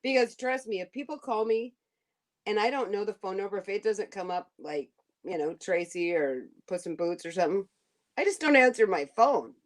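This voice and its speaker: Woman host, casual rambling chat, middle pitch. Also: lively intonation, moderate pace. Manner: chatty and rambling, with frequent laughter.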